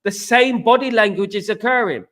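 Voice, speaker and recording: A man with a fairly high voice hosts a football live stream. He rants with passion and repeats his points while he works through viewer comments. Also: moderate pace, a bit bright. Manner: passionate, repetitive ranting. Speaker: football channel host.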